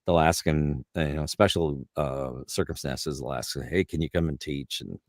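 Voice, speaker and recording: Deep, low middle-aged male guest, chatty and rambling, dry close sound. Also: moderate pace, dry recording. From Canada. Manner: animated anecdotes with lots of restarts and fillers. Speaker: guest voice actor. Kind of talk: casual interview storytelling.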